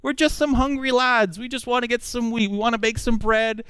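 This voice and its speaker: A man's voice: very high voice, fairly even intonation, fairly quick, a bit bright, clear, resonant tone, no echo. A man voicing sly male bandits who pretend to be harmless, in a wheedling, falsely reassuring tone. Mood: falsely innocent. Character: two sly male bandits feigning innocence.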